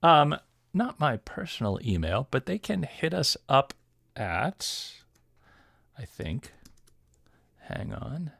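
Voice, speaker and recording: A middle-aged man, a guest audio producer, telling stories in a casual, animated interview. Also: mid-range voice, slow pace, vocal fry, pauses often, slightly rough, no room sound, studio quality. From Detroit area, USA. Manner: animated storyteller, laughs easily.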